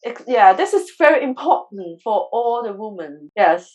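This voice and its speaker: A woman's voice: mid-range voice, very animated, moderate pace, darkish tone, low-quality recording. A woman guest telling a personal story in a conversational interview, earnest and emotional, often restarting her sentences. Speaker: guest, crystal healer.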